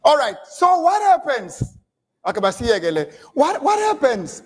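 A man preaching a sermon in a church, switching between English and Xhosa and building up to shouted lines. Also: extremely high pitch, wildly swooping pitch, a little slow, slightly rough. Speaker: pastor.

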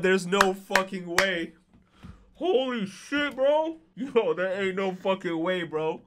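Excitable young man reacting loudly. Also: sits high, slow, a little hiss or hum. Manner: excitable, swearing, emotional outbursts. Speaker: reaction streamer. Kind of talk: anime reaction commentary.

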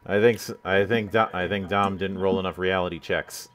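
A man's voice: deep voice, fairly even intonation, fairly quick, fairly bright tone. A man hosting an interview over a video call, hesitant and full of fillers, swearing casually. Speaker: interview host.

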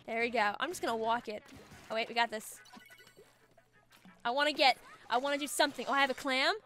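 A woman calls out her moves in excitable, chatty let's-play commentary and laughs often. Her voice sits high and rings bright and sharp. Game music plays faintly behind her. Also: fairly quick. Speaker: gaming video creator.

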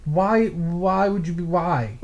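A man's voice: high voice, lively intonation, slow pace, a little mellow, highs cut off, slight background noise. A man casually joining a let's-play session, asking teasing, wry questions. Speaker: co-commentator.

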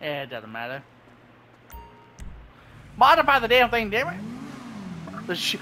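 A male gamer talking through his play at an easy, drawn-out pace, his pitch leaping up and down as he swears and trash-talks other players. He breaks into sudden loud yelps. Game noise sits clearly under his voice. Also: big pitch swings. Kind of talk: casual gameplay commentary.

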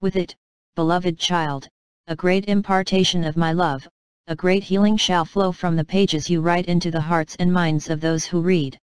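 A gentle, tender heavenly father speaks with deep love in a calm, smooth voice, as a woman reads him in her own lowish tone. The lines come softly and without hurry, in a close, dry audiobook sound. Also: moderate pace, dry recording, natural voice. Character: tender fatherly God, male, gentle and loving.

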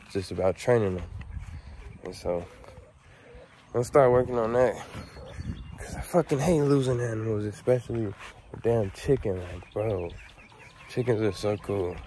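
Laid-back man with a lowish voice. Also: measured pace, long pauses, slight background noise. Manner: laid-back, slangy, swears casually; calls sharply and loudly to his dog. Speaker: vlogger on his animal property. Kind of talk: casual outdoor vlog. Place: outdoors on a rural property with animals.

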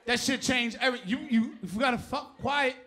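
A middle-aged man with a New York accent doing a profane stand-up set on a live stage, often shouting his punchlines and laughing through the bits. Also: very high voice, fast talker. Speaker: stand-up comedian. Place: live comedy stage before an audience.

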